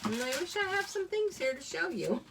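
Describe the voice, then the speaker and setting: A woman's voice: very high-pitched, big pitch swings, normal speed, gravelly, background noise. A middle-aged woman demonstrating card-making on a live stream, chatty and self-joking, laughing often. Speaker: craft demonstrator. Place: home craft desk. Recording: voice a bit far from the mic.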